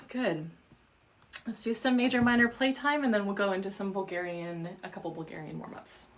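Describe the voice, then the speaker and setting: A woman vocal coach leading a livestream warm-up, cueing exercises in a drawn-out, encouraging way. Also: mid-range voice. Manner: encouraging, demonstrates sung exercises between spoken cues.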